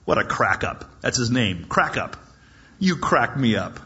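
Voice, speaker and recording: A man's voice: medium pitch, sing-song, a little slow, sharp tone, highs cut off. A man preaching a sermon with dramatic storytelling and jokes.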